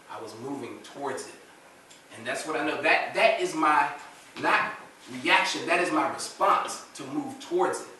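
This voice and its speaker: A man's voice: medium pitch, pushed and bright, a little hiss or hum. A man leading a church group discussion, talking earnestly and repeating phrases for emphasis. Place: church room. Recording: echoey room, mic far off.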